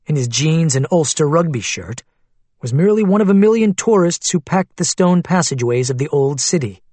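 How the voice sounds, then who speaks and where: A man reading a novel aloud in measured, descriptive scripted narration. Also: fairly high pitch, darkish tone, slightly rough, no room sound. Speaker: audiobook narrator.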